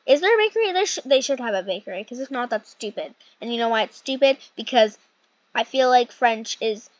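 A woman's voice: a little high, animated, a little fast, no echo. Chatty young woman gaming vlogger. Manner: chatty, rambling, self-correcting. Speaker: gaming channel host. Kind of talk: casual game role-play commentary. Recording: dull lo-fi mic.

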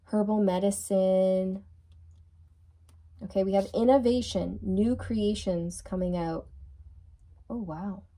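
A woman's voice: medium pitch, steady tone, slow, pauses often, mellow. A woman giving a channeled tarot reading who speaks reassuringly and repeats words for emphasis. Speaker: tarot reader.

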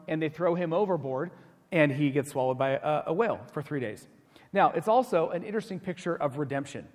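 A man preaching a sermon as pastor, animated and conversational, acting out quoted voices. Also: a little high. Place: church sanctuary. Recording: long church hall reverb.

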